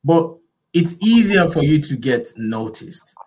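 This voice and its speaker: A man's voice: a little high, big pitch swings, takes it slowly, darkish tone, poor audio. A man with a non-native English accent hosting an interview, encouraging and emphatic. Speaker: podcast host.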